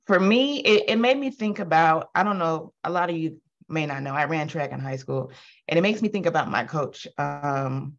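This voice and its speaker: A woman in a team meeting, sharing a personal story in a soft, halting, emotional way. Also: low voice. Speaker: team member. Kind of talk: casual group discussion. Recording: dull, muffled audio.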